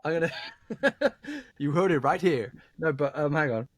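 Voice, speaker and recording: A man's voice: on the high side, animated, measured pace. A man co-hosting a movie podcast, chatting animatedly and retelling scenes with repeated words. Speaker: podcast co-host. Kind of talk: casual chat.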